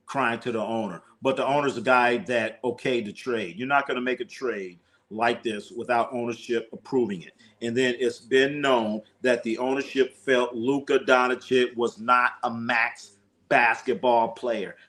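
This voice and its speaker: A man hosts a casual sports livestream in a mid-range voice at a measured pace. He talks in an animated, profane way and sometimes mimics whiny crying voices.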